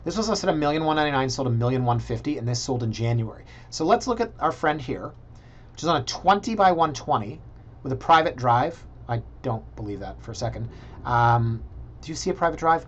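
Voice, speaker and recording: Man, thirties, chatty realtor, jokey asides, mid pitch, dull lo-fi audio. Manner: chatty, joking asides, thinks aloud. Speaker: realtor reviewing listings. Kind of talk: casual screen-share vlog commentary. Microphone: computer mic.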